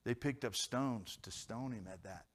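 A man preaching a sermon in church, questioning his congregation and swinging between emphatic loud lines and quiet low ones. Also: measured pace. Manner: repeats and restarts words, asks questions of the congregation. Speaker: pastor.

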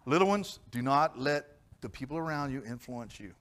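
A man preaching a sermon in church, questioning his congregation and swinging between emphatic loud lines and quiet low ones. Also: animated, moderate pace. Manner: repeats and restarts words, asks questions of the congregation. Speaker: pastor.

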